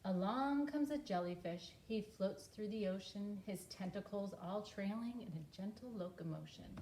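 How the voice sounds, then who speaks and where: A woman teacher reading a rhyming picture book aloud in a slow, expressive way. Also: medium pitch, a little hiss or hum. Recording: roomy echo with faint ambience.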